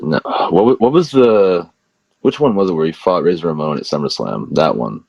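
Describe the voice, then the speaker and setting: A low-voiced man spins a loose, rambling story, peppering it with "like". His voice comes through a dry, slightly muffled line with no room sound. It sounds like a casual remote interview. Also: expressive, normal speed, vocal fry, a little mellow, no echo. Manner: rambling anecdotes full of "like". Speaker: wrestler guest.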